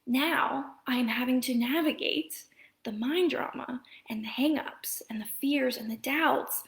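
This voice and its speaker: A pregnant woman in her thirties, a mom coach, talking earnestly to viewers on a live stream, rambling with many fillers and restarts and often dropping into a soft whisper. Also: sits high, a little slow. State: heavily pregnant. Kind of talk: Facebook Live talk to viewers.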